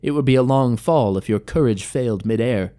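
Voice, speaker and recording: A man's voice: medium pitch, fairly quick, dark tone, close to an everyday voice. A man voicing a haughty, imperious female elf owl-rider captain with a sardonic edge.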